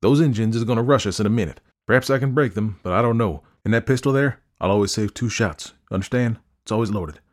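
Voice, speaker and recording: A man reading as Alfred, gruff frontier scout. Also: sits low, brisk, a little mellow, natural voice. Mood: urgent. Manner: folksy frontier dialect, blunt commands. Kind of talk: audiobook character voice.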